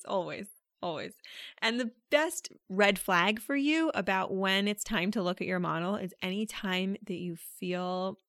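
A woman's voice: fairly low pitch, a bit bright, no echo, studio quality. A woman hosting a solo coaching podcast, speaking directly and conversationally as she quotes her listeners' questions and answers them. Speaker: podcast host and life coach.

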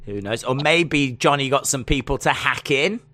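A man's voice: mid-range voice, normal speed, sharp tone. A British man co-hosting a casual stream chat, playful and jokey, often slipping into silly bits. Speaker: co-host.

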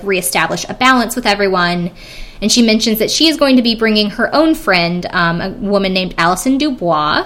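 A woman's voice: mid-range voice, fairly bright tone. A young woman talks casually, recapping an episode in a chatty way. She piles on filler words and asides and gives her own opinions freely. Her voice sits in an ordinary middle range. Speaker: podcast host recapping a reality show. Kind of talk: casual chat.

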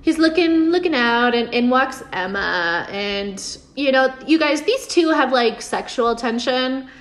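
A woman's voice: high-pitched, expressive, a little slow. A young woman casually recapping a TV episode, sarcastic and swearing, often laughing and mocking the characters. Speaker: show recap host.

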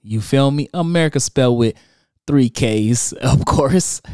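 Young man, podcast host, casual storytelling, mellow tone, dry close sound. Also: medium pitch, unhurried, dry recording. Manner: animated storytelling, reading out social media comments with slang and laughs. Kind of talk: casual solo podcast monologue.

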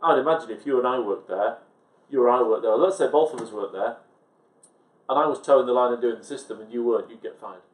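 A man chats quickly and emphatically as a podcast co-host, piling one anecdote onto the next. His voice sits at a middling pitch. The recording has a roomy echo around it. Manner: animated storyteller, quick and emphatic. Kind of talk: casual chat. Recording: echoey room.

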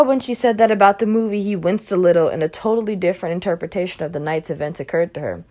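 Low, gravelly woman reading a story. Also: darkish tone. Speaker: reader. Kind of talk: reading a short story aloud.

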